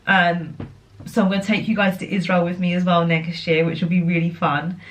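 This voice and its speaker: Chatty, excitable young woman. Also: lowish voice, a little fast. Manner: chatty and excitable, with many fillers and restarts. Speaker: vlogger. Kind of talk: casual chat.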